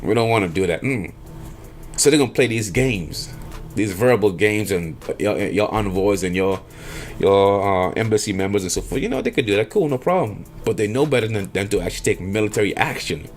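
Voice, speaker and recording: A man's voice: on the low side, moderate pace, a little hiss or hum. A man delivering an emphatic monologue, lecturing and firing off rhetorical questions. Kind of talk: emphatic monologue on power politics.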